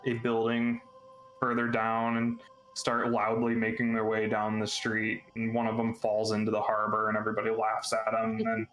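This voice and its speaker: A man running a tabletop game as game master, narrating scenes in a relaxed storytelling way. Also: lowish voice, a little hiss or hum. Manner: relaxed storyteller, breaks into quick character voices and laughs.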